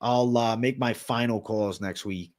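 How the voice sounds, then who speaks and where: A mid-range, darkish male voice with fairly even intonation and a slightly slow pace. He's a casual livestream host from Massachusetts, raised in Florida, whose Boston accent comes through as he reads chat aloud, answers it, curses freely and keeps saying "bro."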